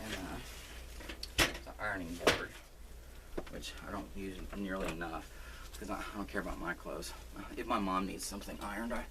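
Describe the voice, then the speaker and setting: Man, home crafting vlogger, low voice, rambling and self-mocking, noticeable background noise. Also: moderate pace, long pauses. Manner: rambling, full of fillers and restarts; self-deprecating. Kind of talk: casual rambling vlog. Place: room at home. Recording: noisy home recording.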